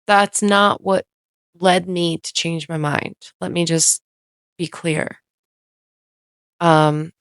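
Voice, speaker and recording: Woman, lowish smooth voice, casual podcast storyteller; rambles, restarts, fills with "like", dry close sound. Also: no echo. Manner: rambling, self-interrupting, heavy use of "like"; candid, occasionally swears.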